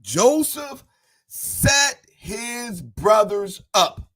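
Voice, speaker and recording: Husky pastor guy preaching, high voice, swings loud then quiet. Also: big pitch swings, very slow. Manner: preaching with shifting volume, calling out congregants by name. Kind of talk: sermon.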